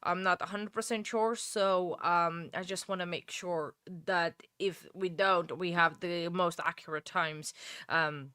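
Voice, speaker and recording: A woman streamer chatting to her viewers in a bright, sharp voice. She thinks aloud, trails off and restarts her sentences, and fills gaps with ums and uhs. The sound is close and dry, with no room around it. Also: on the low side, fairly even intonation, a little slow, smooth, no room sound. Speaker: livestream host. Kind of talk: casual live-stream commentary.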